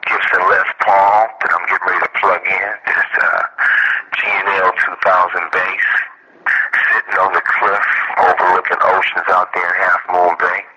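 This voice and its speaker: A laid-back man in his forties, a musician guest, talking slowly and rambling with fillers in a casual interview. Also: sits low, little pitch movement, bright, forceful tone, slightly rough. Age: 40s. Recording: muffled radio with hiss.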